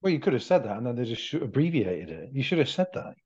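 Dark-toned, rambling man. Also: mid-range voice, big pitch swings, quick pace, breathy edge, dull audio. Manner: rambling, crude, sweary jokes. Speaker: podcast co-host. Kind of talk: casual comedy chat.

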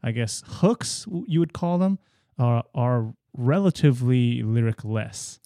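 A man with a mellow, dark voice at a middle pitch, chatting casually about music. He hedges and stumbles over restarts, and the sound is close and dry. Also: expressive, unhurried, dry recording. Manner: hedging, stammering restarts. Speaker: podcast co-host. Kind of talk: casual music review chat.

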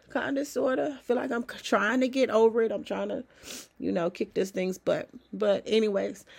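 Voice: medium pitch, gravelly. Sniffly, encouraging self-help host. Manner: conversational and encouraging, with rhetorical questions. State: sick with a cold, sniffly. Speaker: weekly motivational host. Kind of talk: motivational self-help talk.

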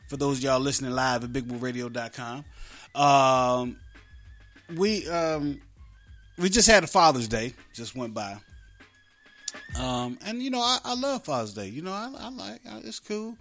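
A man's voice: medium pitch, lively intonation, unhurried, a bit bright, soft background music. A man hosting an internet radio show, talking casually in a rambling, joking way and laughing often.

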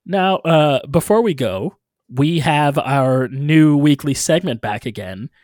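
A man's voice: on the high side, slow pace, darkish tone. A man hosting a casual podcast chat, laid-back and joking as he leads the segments. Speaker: podcast host.

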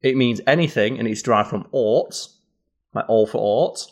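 A man's voice: mid-range voice, normal speed. A man, co-hosting a casual podcast chat and explaining slang with playful acted examples. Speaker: podcast co-host.

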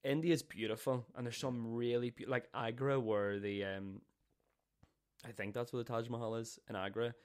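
A man on a podcast telling stories in casual chat, animated and cursing freely. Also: mid-range voice, moderate pace, clear, resonant tone. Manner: swears freely, animated storytelling. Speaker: podcast co-host.

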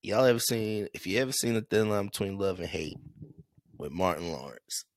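A man's voice: low-pitched, normal speed, no room sound. A man tells a story on a casual podcast, swearing freely and acting out every quote. His voice swings up and down. The sound is dry and close to the mic. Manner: animated, profane, laughing, acts out quotes. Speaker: podcast host.

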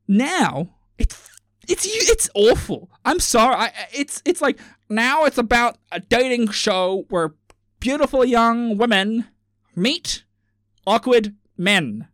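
A man's voice: very high voice, fairly bright tone, no echo, clean studio sound. Rambling, swearing man on a solo podcast. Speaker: podcast host. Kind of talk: casual solo podcast rant.

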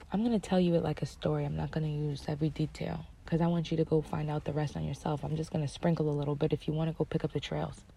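A woman with a low, gravelly voice talks through a loose spiritual monologue straight to her viewers. Her tone is dark and husky. She rambles with emphatic repeats and casual swearing, and sometimes drops into a whisper.

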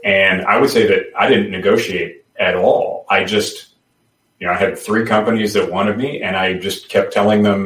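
A man's voice: on the low side, steady tone, moderate pace, fairly bright tone. A man talking casually as a podcast guest, rambling with lots of restarts and fillers. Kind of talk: casual chat. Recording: roomy, distant from the mic.

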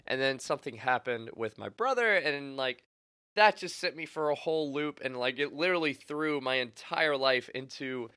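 A young man co-hosting a podcast, chatting casually and telling animated stories with lots of laughter and acted-out quotes. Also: mid-range voice, no room sound, studio quality. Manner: laughs often, animated storytelling with voiced quotes. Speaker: podcast co-host. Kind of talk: casual chat.

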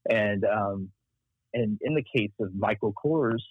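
Man, Texas accent, husky, low-pitched, storytelling, dry phone-quality sound. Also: takes it slowly, dry recording. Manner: animated storyteller, acts out quoted voices. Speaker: marketing strategist guest. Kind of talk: casual interview storytelling. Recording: tinny phone-like line.

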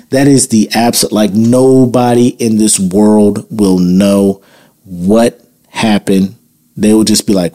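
A man with a lowish voice hosts a solo opinion podcast. He talks bluntly and heatedly, with plenty of profanity as he lays out his view. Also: steady tone, takes it slowly, warm tone. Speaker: podcast host.

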